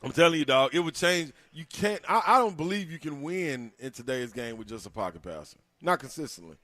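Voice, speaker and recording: A man's voice: fairly high pitch, expressive, a little fast, a bit bright, dry recording. A man co-hosting sports talk radio, casual and slangy, laughing often. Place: radio studio.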